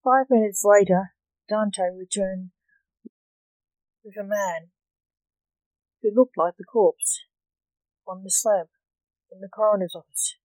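A storyteller reading a fantasy story aloud in a steady, unhurried way. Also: medium pitch, no echo, poor audio. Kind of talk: scripted narration of a fantasy story.

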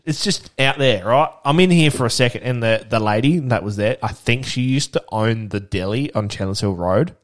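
A man's voice: medium pitch, moderate pace, few pauses. A man co-hosting a podcast, telling stories in casual chat, swearing freely and laughing often. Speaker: podcast co-host.

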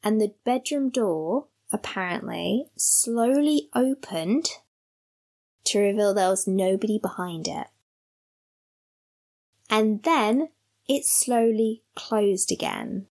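Female podcast co-host, gravelly, lively casual storyteller. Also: mid-range voice, takes it slowly. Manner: animated storyteller, laughs mid-sentence, acts out voices.

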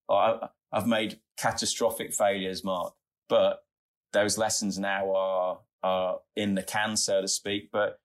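A middle-aged Australian man telling earnest, chatty stories as a guest in a casual interview. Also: fairly low pitch. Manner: earnest, chatty, tumbling anecdotes. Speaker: podcast guest, founder.

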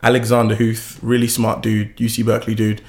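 A young man telling his founder story in a casual interview, animated and laughing often. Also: fairly quick. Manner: animated, laughs often, lively pitch swings.

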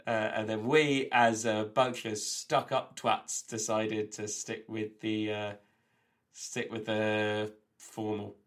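A man's voice: on the low side, flat delivery, slow pace. A man co-hosting a comedy podcast over a remote call, rambling enthusiastically through trivia with lots of fillers and restarts. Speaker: co-host. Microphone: remote call, recorded on own end.

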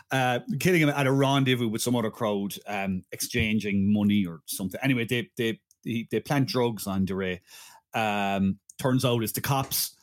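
A man co-hosting a podcast, rambling through a plot summary with frequent laughs and restarts. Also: medium pitch. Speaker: podcast co-host. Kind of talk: casual chat.

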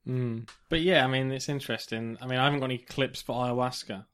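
A man's voice: mid-range voice, steady tone, fast talker, a bit bright, smooth. Easygoing man in a podcast chat.

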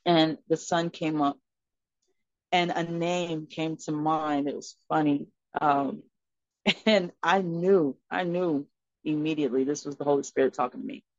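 A woman guest on a podcast, telling a personal story in an earnest, expressive way. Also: sits low, unhurried, no echo. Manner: earnest and expressive, acting out dialogue in her story. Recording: slightly muffled, dry recording.

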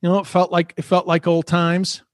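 A man's voice: high-pitched, brisk, no room sound, studio quality. A man hosting a podcast, chatting casually, swearing a lot and ranting with energy. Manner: swears constantly, animated ranting. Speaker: podcast host.

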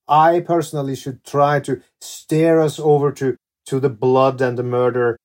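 A man's voice: medium pitch, little pitch movement, moderate pace, a little mellow. Man hosting a podcast interview. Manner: casual questions mixed with passages read from prepared notes. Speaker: podcast host.

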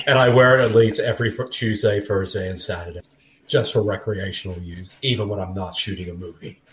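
A man putting on a deadpan impression of a famous male film actor answering in mock-earnest tones. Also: lowish voice, a little fast, far from the mic, pitched below the performer's own voice, natural voice. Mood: mock-serious. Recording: roomy echo.

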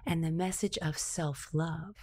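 A woman with a slightly low voice speaks in a confessional monologue about her own experience. She drops to hushed, near-whispered phrases, then pushes into intense, emphatic runs of repeated words. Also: fairly even intonation, unhurried, breathy edge.

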